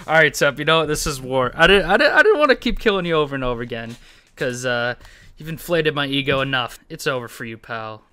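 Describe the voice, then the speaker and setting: A young man giving casual, excitable commentary over his own gameplay, laughing often and talking to himself. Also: medium pitch, fast talker, a little hiss or hum. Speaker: gaming YouTuber.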